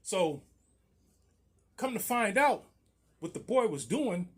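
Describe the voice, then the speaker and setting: A man's voice: high-pitched, sing-song, slow, a bit bright, breathy edge. A man, a landlord, telling a story about a tenant in a loose, slangy way, often laughing. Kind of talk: casual storytime vlog.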